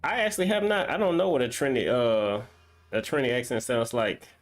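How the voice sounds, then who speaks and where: A man's voice: medium pitch, brisk. A man streaming a game, chatting casually and reading viewer comments aloud as he banters with them. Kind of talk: casual live-stream chat.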